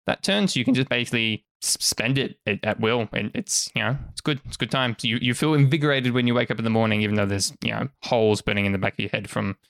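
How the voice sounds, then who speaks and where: A man talks through the rules and the story as game master, relaxed and a bit rambling. His voice sits at an ordinary pitch, and the sound is dry and close with no room echo. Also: quick pace, vocal fry, hardly any pauses. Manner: casual, explanatory, frequent fillers. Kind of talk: narrating a tabletop game.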